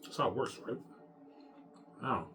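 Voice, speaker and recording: A man's voice: mid-range voice, unhurried, sharp tone, a little hiss or hum. A man giving a rambling vlog monologue, profane, emphatic and repetitive. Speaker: vlogger.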